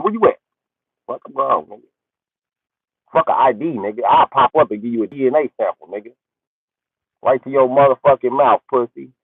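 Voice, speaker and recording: A man doing a profane comedic rant on a livestream. He swings from high yelling to low muttering. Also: breathy edge, no room sound. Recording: tinny phone-like audio.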